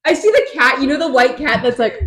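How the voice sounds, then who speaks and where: A woman's voice: high voice, expressive, fairly quick, a bit bright, slight background noise. A woman co-hosting a podcast, animatedly retelling a book's chapters in casual chat, with a bit of swearing. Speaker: podcast co-host. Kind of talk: casual book-club chat.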